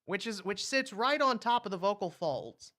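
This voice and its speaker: A man's voice: high voice, lively intonation, moderate pace, pushed and bright. A man co-hosting a casual chat, rambling and joking, often restarting his sentences. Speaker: co-host.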